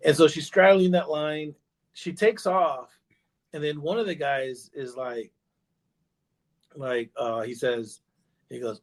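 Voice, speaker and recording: A man talking as a podcast guest, his voice sitting a little higher than most men's. He rambles through his story in a casual way, full of fillers, restarts and repeated "you know"s. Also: slow, long pauses. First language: bilingual in Spanish.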